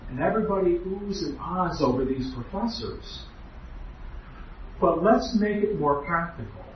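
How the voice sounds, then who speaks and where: A man's voice: fairly high pitch, slight background noise. A man giving an earnest, emphatic doctrinal lecture as a preacher, with rhetorical questions. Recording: echoey hall, distant, muffled.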